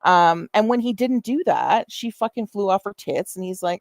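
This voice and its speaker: Woman host, mocking and profane, very lively pitch, dry sound. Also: normal speed, no room sound. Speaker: commentary streamer. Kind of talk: sarcastic reaction commentary.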